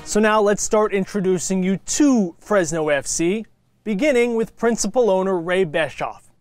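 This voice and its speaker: A man presenting a local sports broadcast, narrating in a clear, measured scripted style. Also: high voice, faint music behind.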